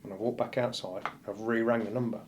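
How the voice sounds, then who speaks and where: On a podcast, a male firefighter gives a blunt, vivid retelling of a painful story, voicing what people said. He's brisk, his voice on the low side with little pitch movement, and there's a little hiss or hum.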